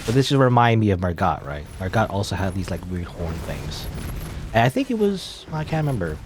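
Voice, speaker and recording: A man's voice: low voice, very animated, fairly quick, noisy background. A man casually commenting while playing a game, musing aloud and joking at his own expense. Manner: rambling, musing aloud with self-deprecating jokes. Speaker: let's play host.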